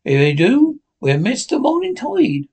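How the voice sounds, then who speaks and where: A man reading an audiobook voices a sly old ship's cook in a high, exclaiming voice. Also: wildly swooping pitch, a little slow, darkish tone, slightly rough, full character voice. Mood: wheedling.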